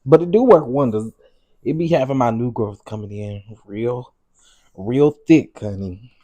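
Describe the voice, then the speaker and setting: Sassy, husky man chatting live. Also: mid-range voice, animated, measured pace, dark tone, highs cut off. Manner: sassy, teasing, laughing asides. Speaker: livestream host. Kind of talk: casual live commentary.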